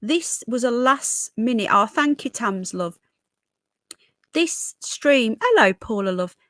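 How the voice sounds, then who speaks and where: This woman, from Birmingham, England, hosts a casual livestream and reads viewer comments in a softened Brummie accent touched by Yorkshire. She speaks slowly and expressively in a higher, somewhat bright voice, recorded dry in clean studio sound.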